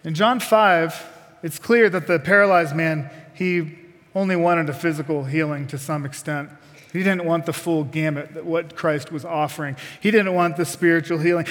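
A man delivers a sermon in a fairly high voice, pressing the congregation with direct questions and folksy asides. His words ring out with the long reverb of a church sanctuary. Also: fairly bright tone. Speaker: preacher.

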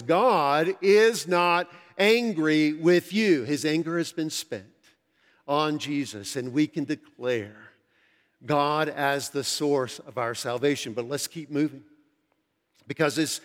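A pastor preaching a sermon to his congregation, earnest and conversational, slowing down to stress key phrases, his throat a little dry. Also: fairly high pitch, a bit bright. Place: large church sanctuary. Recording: long hall reverb from a large church.

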